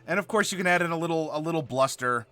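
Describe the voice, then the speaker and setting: A man with a slight Southern American accent, hosting a casual chat in a playful, animated way with frequent laughter. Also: a little high, quick pace, clean tone. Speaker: host.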